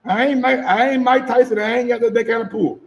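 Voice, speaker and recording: A man with a very high-pitched, creaky voice talks fast in a steady tone while casually reacting to boxing footage, cursing, repeating himself and questioning his viewers. Recorded in an echoey room, the audio has its highs cut off and slight background noise.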